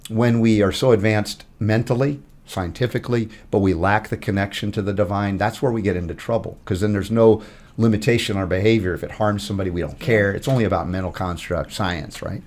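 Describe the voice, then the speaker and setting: Guy with a really deep low voice, podcast guest, slow thoughtful spiritual musing. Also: darkish tone. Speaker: podcast guest, health broadcaster. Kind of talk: reflective conversation.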